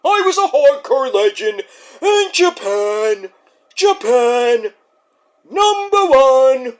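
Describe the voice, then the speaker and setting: A wild old hardcore wrestler bellows drawn-out boasts in a strained, high voice, as a man puts him on. He sounds pulled back from the mic. The shouting is ragged and unhinged. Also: big pitch swings, heavily acted. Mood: boastful.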